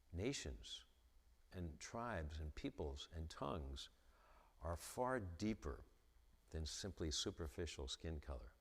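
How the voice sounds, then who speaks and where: A very low-voiced man gives a church talk, stammering and restarting his sentences as he goes. His words ring out with a long reverb from a big church hall. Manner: stutters, repeats the starts of sentences. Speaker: guest speaker at a church. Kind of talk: lecture-style church talk.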